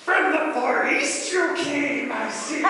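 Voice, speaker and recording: A man voicing a tiny, big-eared male creature king who speaks slowly and croakily with inverted word order. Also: extremely high pitch, voice pushed up, full character voice. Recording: echoey hall from far off, crowd.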